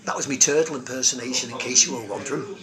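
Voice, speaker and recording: A man's voice: medium pitch, quick pace. Cheery joke-telling man in a pub. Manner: cheery, rambling one-liner delivery. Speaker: comic host in character. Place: busy pub. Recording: loud pub crowd behind.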